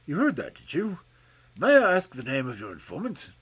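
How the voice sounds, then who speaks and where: A man voicing an irritable, malicious elderly professor who speaks loud and sharp, with a husky voice. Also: on the high side, wildly swooping pitch, moderate pace, exaggerated voice. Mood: suspicious.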